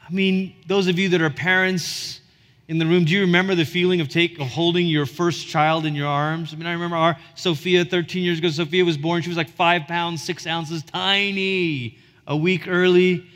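High-voiced pastor preaching in a hall. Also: male voice, level tone, normal speed, fairly bright tone. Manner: earnest, building to emphatic peaks. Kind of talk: sermon. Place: church sanctuary. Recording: reverberant hall.

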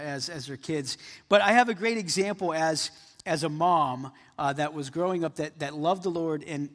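A man's voice: a little high, fairly bright tone, in a large hall. A man preaching a sermon to a congregation in a conversational way, often repeating his words as he goes. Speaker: pastor.

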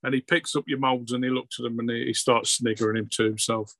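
A man's voice: mid-range voice, level tone, quick pace, a bit bright, no echo, low-quality recording. A man, running a tabletop game as game master, narrating hesitantly with many ums.

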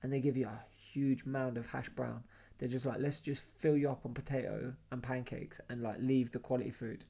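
A man's voice: mid-range voice, normal speed, creaky, breathy edge. A young man with a London accent casually telling travel stories, acting out the dialogue and laughing often. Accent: London English. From London, England. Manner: animated storyteller, acts out quoted dialogue, laughs often. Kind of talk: casual storytelling chat.

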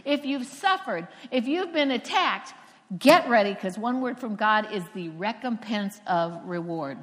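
A woman from Florida preaching a sermon, telling stories with emphatic pauses. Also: on the high side, animated. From Florida, USA. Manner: storytelling, emphatic with dramatic pauses. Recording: long hall reverb.

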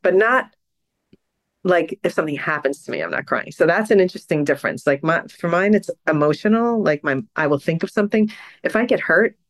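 Animated, lively-pitched woman. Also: fairly quick, no echo, clean studio sound. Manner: emotional, laughs often, animated storyteller. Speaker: podcast co-host. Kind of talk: casual chat.

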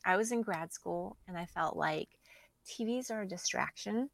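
Una mujer que, como invitada de un pódcast, charla de forma animada, divagando y riéndose con frecuencia. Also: female voice, medium pitch, moderate pace, gravelly, no room sound. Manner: animated, laughing, rambling. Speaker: podcast guest. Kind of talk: casual podcast chat.

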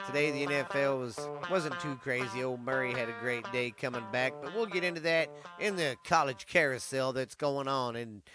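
A man hosting a sports show, chatting casually in a rambling, profane way. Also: mid-range voice. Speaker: podcast host.

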